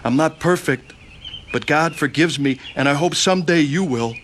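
A man narrating his own testimony with earnest, gentle sincerity and acting out the scenes. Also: fairly high pitch, moderate pace, slight background noise.

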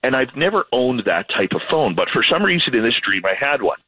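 A Canadian man, a radio host, telling stories in a casual, animated, self-deprecating way. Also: medium pitch, fairly quick, slightly rough, no room sound, narrow, tinny audio. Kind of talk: casual storytelling conversation.

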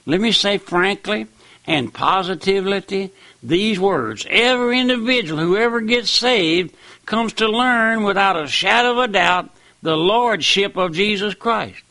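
A man's gravelly, bright voice drives a fervent radio sermon, emphatic and dogmatic. He speaks a little high and sounds close and dry. He keeps pressing listeners to listen. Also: lively intonation, a little slow, no room sound. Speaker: radio preacher.

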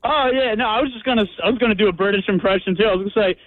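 A man calling in as a guest, telling his story haltingly with lots of fillers. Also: sits high, no room sound. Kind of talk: casual chat. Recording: tinny phone line.

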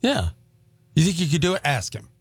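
A man's voice: on the high side, big pitch swings, fairly quick, breathy edge, dry recording. A middle-aged man hosting a radio morning show, chatty and full of questions in casual banter.

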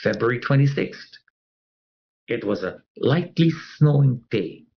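A man's voice: mid-range voice, expressive, measured pace, lo-fi sound. A man telling a personal story as an interviewee. He talks animatedly and acts out the other people's voices.

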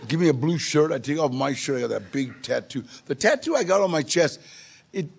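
Older male storyteller, lively range, gravel in the voice. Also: a little high, brisk. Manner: animated storyteller who acts out the voices in his story. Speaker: speaker telling his life story. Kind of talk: storytelling talk.

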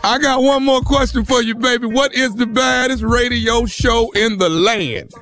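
A man making a radio prank call, deadpan and needling. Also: extremely high pitch, moderate pace, soft background music.

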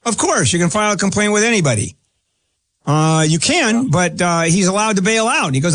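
A man with a slightly high voice hosts a call-in legal advice show. He is blunt and impatient, cutting in to press the caller for his question. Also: lively intonation, brisk, fairly bright tone. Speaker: radio legal advice host.

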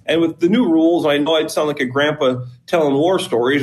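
A man, a former player, giving casual sports-betting analysis with lively storytelling. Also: fairly quick. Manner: animated storytelling, pitch jumps when emphasizing.

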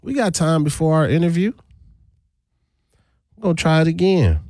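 Animated man chatting on a live stream. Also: normal speed, no echo, clean studio sound. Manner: animated, swings pitch widely, laughs often. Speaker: livestream host. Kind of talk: casual live-stream chat.

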